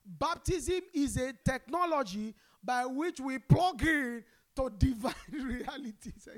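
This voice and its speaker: A Nigerian woman preaching a sermon, calling on the congregation to respond and swinging between loud emphasis and quiet asides. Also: high voice, expressive, slow. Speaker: pastor.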